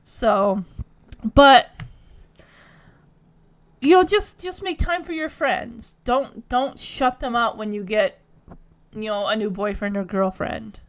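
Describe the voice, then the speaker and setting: A woman's voice: on the high side, slow pace, long pauses. A young adult woman reviewing a TV episode in casual commentary, chatty and emotional, with lots of fillers.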